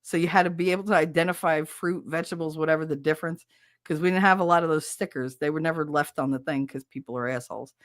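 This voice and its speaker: A brash woman with a lowish voice hosts a casual livestream chat and swears freely. The sound is dry and close, with no room around it. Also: steady tone, fast, dry recording. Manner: brash, swearing, laughing, mimics accents. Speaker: podcast host reading chat.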